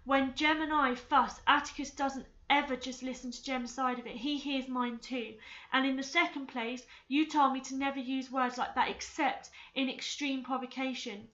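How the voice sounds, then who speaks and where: A woman's voice: high-pitched, fairly even intonation, moderate pace, a bit bright, muffled recording. A woman voicing an outspoken young tomboy girl who argues her side bluntly and indignantly.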